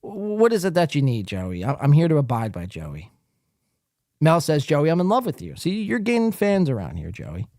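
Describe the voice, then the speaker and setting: Profane, taunting New podcast host. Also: male voice, on the high side, huge pitch swings, normal speed, darkish tone, no echo, clean studio sound. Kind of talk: live stream rant reading chat.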